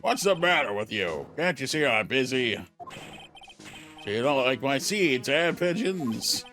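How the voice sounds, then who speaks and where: A gruff, scolding old grandpa, as a man puts him on for a game read-along, grumbling at the young with scorn. The voice sits at a middle pitch but swings widely as he complains. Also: very animated, a little slow, bright, forceful tone, soft background music, full character voice.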